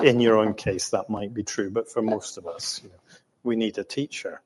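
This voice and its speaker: Older man, from England, storytelling, hesitant, low voice, long hall reverb. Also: steady tone, normal speed. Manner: hesitant, full of ums and restarts, chuckling. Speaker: interviewee recounting his life. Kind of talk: reflective storytelling.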